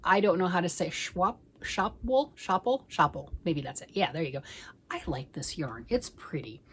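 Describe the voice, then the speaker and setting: Chatty, rambling middle-aged woman, lowish voice. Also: lively intonation, moderate pace, breathy edge, rough recording. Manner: rambling and chatty, often dropping to a soft near-whisper. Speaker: knitting vlogger. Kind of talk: casual chat.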